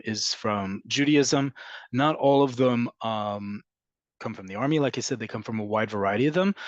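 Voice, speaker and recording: A man teaching an online language lesson, explaining patiently and repeating key words slowly for emphasis. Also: medium pitch, no room sound. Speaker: Hebrew teacher.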